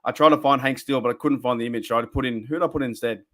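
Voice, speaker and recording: A man with an Australian accent hosting a casual fan live stream, rambling excitably and answering his chat viewers. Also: mid-range voice, racing. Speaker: fan podcast host. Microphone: desk microphone for a live stream.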